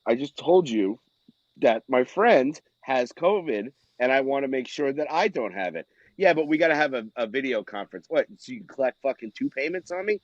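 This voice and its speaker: A man's voice: medium pitch, lively intonation, normal speed, dry recording. A man who co-hosts a podcast, crude and joking in casual chat, stumbling over many fillers. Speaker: podcast co-host. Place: home studio. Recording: dull lo-fi remote mic.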